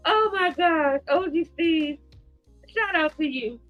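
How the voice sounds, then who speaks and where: A high, bright woman's voice, teary and giggling as she hosts a relaxed livestream chat. She keeps breaking into laughter between her words, with faint music playing underneath. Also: slow, poor audio. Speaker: host.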